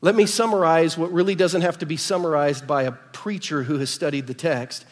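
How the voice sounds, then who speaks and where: A middle-aged man with an American accent, preaching a sermon and telling family stories in an animated way, acting out the dialogue. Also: on the high side, brisk. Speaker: pastor. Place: church sanctuary. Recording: reverberant church hall.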